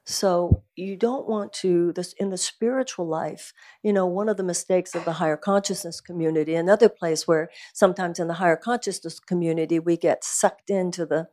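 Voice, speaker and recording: A woman speaking as a guest at a live event, talking about spiritual life in an earnest, animated, emphatic way. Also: lowish voice, normal speed, hardly any pauses. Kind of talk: conversational talk at a live event.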